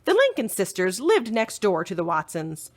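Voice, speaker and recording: A woman librarian reads a children's chapter book aloud, telling the story expressively. Her voice is mid-range and her speed is normal.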